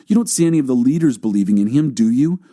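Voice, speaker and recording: A man's voice: low-pitched, fairly even intonation, takes it slowly, warm tone. A man voicing scornful, raised-voice temple elders. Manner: scolding, mocking questions. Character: indignant scornful male religious leaders.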